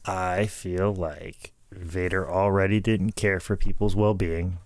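A man co-hosting a podcast, telling stories in casual chat and quoting others in low put-on voices. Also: fairly even intonation, slow, no echo. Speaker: podcast co-host.

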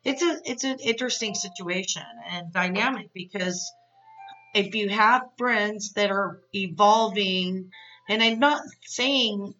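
A woman's voice: mid-range voice, pushed and bright, distant mic, dull audio. A woman podcast host giving a casual, chatty, opinionated episode recap. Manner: chatty and opinionated, many fillers.

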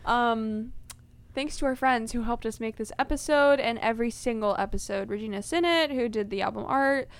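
A young woman co-hosting a podcast, chatting casually with a friend. She's giggly and exclaims a lot, and her voice sits a little high. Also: normal speed, clear, resonant tone. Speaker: podcast co-host. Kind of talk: casual chat.

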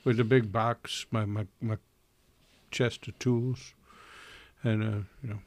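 A man's voice: lowish voice, little pitch movement, slow, dry recording. Casual rambling male player. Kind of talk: tabletop game chat.

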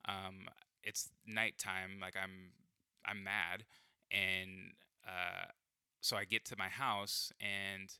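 A man's voice: deep voice, flat delivery, very slow, bright, forceful tone, smooth, no room sound, studio quality. A young man telling a personal story in casual chat, rambling, full of fillers and swearing.

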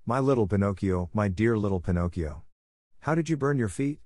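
Geppetto, a man voicing a gentle old father. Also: fairly low pitch, animated, brisk, no echo, studio quality, close to an everyday voice. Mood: tender. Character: kind, poor old woodcarver father.

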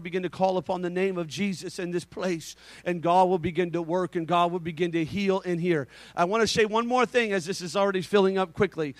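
A man preaching a Pentecostal sermon in church, going from calm, conversational instructions to shouted, impassioned exhortation. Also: high voice, dry recording. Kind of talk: Pentecostal altar-call sermon. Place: church sanctuary.

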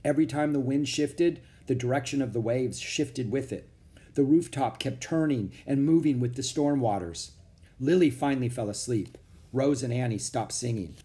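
A man narrating a children's chapter book aloud in a steady, expressive reading. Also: medium pitch, normal speed. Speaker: audiobook narrator. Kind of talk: storybook read-aloud.

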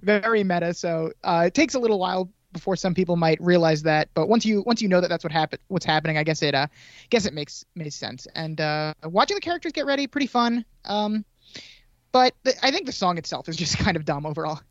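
A man's voice: sits high, lively intonation, brisk, no room sound. Man with a dull lo-fi mic, wry chat. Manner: chuckling, wry commentary. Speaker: podcast co-host. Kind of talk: casual chat.

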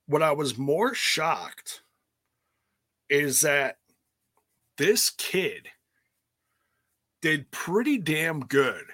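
A man's voice: on the high side, big pitch swings, very slow, long pauses, pushed and bright, breathy edge, dry recording, studio quality. A man giving a candid, rambling recap of a wrestling event in casual chat, speaking casually and swearing now and then. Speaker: wrestling commentator.

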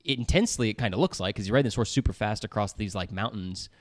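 A man's voice: lowish voice, fast, no echo, clean studio sound. A man in a casual movie recap chat who is jokey, laughs often and acts out quotes.

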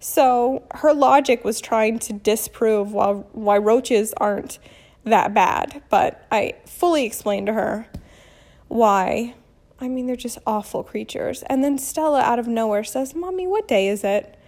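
A woman in her thirties telling a story casually as a vlogger, animated and blunt, acting out what people said. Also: fairly high pitch, a little slow. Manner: animated, acts out quotes, blunt with mild swearing. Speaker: vlogger and mother.

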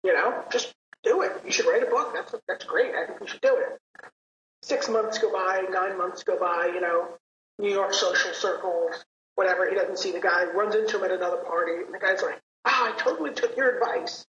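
A woman's voice: fairly low pitch, fairly even intonation, fairly quick, fairly bright tone. Woman podcast host, rambling storyteller, roomy room, slightly dull recording with faint hiss. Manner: rambling storyteller, many fillers. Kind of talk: casual podcast chat.

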